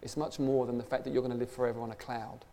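A man's voice: medium pitch, level tone, racing, dark tone, a little hiss or hum. A man preaching a conversational sermon, emphatic and full of rhetorical questions. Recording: long hall reverb.

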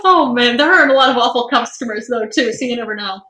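A woman's voice: fairly high pitch, fast talker, pushed and bright, roomy sound, rough recording. A woman hosting a casual chat, speaking hesitantly with many fillers as she asks questions.

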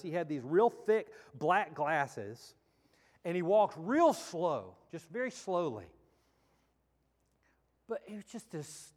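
A man pastor giving a sermon, telling a story in a conversational, reflective way. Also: high-pitched. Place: church sanctuary. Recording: long church hall reverb.

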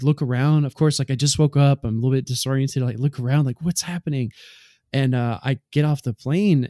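A man of middle pitch telling a rambling podcast story, full of "like" and "right?". His speech is casual and anecdotal. The mic is dry and close. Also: dark tone, no echo. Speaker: podcast co-host.

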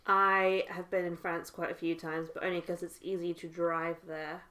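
A woman co-hosting a casual chat who tells animated stories and breaks into laughter. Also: lowish voice, moderate pace.

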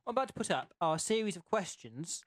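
A man's voice: high-pitched, very animated, a little fast, no room sound. Rambling male podcast host, dry sound. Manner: rambling, keeps rewording himself mid-sentence. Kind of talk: casual chat.

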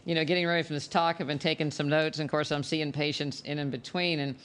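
A man, a doctor hosting an interview, talking in a halting way with many restarts. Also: on the high side, little pitch movement, a bit bright. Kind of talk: casual interview chat.

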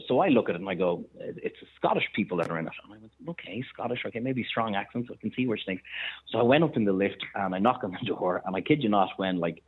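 An Irish man, a chef and restaurateur, telling animated anecdotes in casual chat. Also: fairly low pitch, husky. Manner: animated anecdotes, quick bursts of laughter. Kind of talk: casual storytelling on a phone-in. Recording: tinny phone line.

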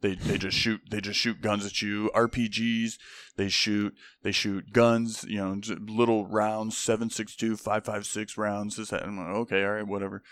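A young veteran with a lowish voice speaks at moderate pace, with no room sound. He tells casual stories animatedly, acting out the people he quotes and swearing often.

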